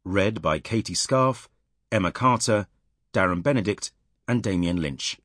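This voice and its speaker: Deep, husky male audiobook narrator. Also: animated, measured pace, a bit bright, dry recording. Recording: dry close studio recording.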